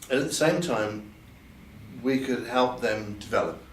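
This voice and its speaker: An older man at an event venue looks back on his life in a frank interview, his medium-pitched voice unhurried. He hesitates and repeats words as he goes, raising his voice when quoting other people. The recording is roomy, from a far-off mic, with faint ambience and slight hiss or hum.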